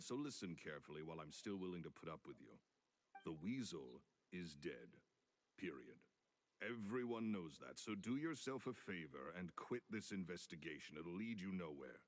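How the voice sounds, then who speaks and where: A booming, menacing businessman. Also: big pitch swings, moderate pace. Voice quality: deep, booming. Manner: threatening, curt. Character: gruff menacing man, a hard-nosed businessman. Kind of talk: game cutscene voice acting.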